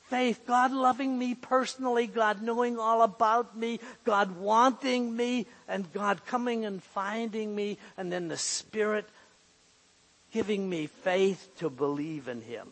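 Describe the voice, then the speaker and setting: A man's voice: sits high, a little slow. A man preaching a sermon in an earnest way, repeating key phrases for emphasis. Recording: long hall reverb.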